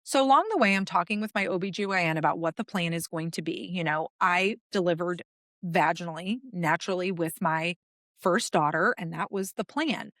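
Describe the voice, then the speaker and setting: A woman's voice: fairly low pitch, fairly quick, fairly bright tone, no room sound, clean studio sound. A woman in her late thirties, a podcast guest, telling her own story in conversation and acting out the dialogue as she goes. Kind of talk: personal story told in conversation.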